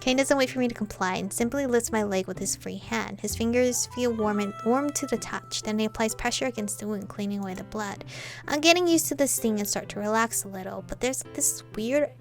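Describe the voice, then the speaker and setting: A woman's voice: mid-range voice, fairly quick, faint music behind. A woman reading a romance visual novel aloud, breaking in with chatty joking asides to herself. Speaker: game playthrough reader.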